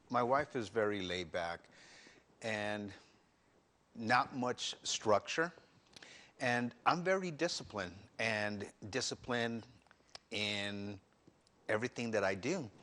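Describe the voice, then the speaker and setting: A man's voice: on the low side, takes it slowly, fairly bright tone. A man speaking as a guest on a faith talk show, candidly telling his own story with earnest restarts. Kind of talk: personal testimony in interview.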